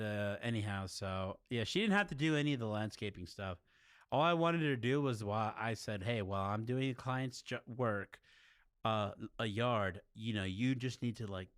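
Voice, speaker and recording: Laid-back, rambling young man, low voice. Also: clean tone, no echo, clean studio sound. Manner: laid-back, rambling, says dude and bro. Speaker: streamer. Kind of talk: casual chat with viewers.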